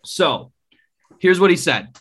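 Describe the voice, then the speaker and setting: A man's voice: on the high side, sing-song, slow, a bit bright, breathy edge. A man co-hosting a podcast, chatty and eager to tell a story. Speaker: podcast co-host. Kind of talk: casual chat.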